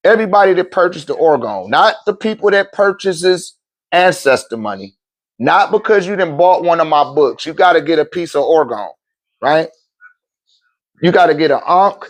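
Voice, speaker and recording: A man ranting to his livestream viewers as a spiritual teacher, blunt, profane and animated, laughing often between phrases. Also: normal speed. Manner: animated, swings between loud outbursts and low muttering. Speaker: spiritual teacher and seller of metaphysical goods.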